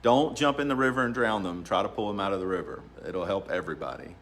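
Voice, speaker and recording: A man's voice: low voice, fast, slight background noise. A man, an attorney giving casual, rambling advice and laughing often. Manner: relaxed, rambling, laughs often, many ums. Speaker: real estate attorney. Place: law office.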